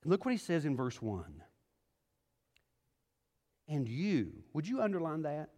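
A middle-aged male pastor preaching a sermon, moving from quiet scripture reading to emphatic exhortation. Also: fairly high pitch, wildly swooping pitch, a little slow, long pauses, slightly rough. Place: church sanctuary. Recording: hall reverb.

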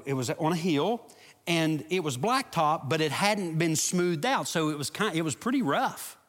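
A man's voice: a little high, a bit bright. A middle-aged man, a pastor, preaching a sermon with a story and then leading an earnest prayer. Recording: long hall reverb.

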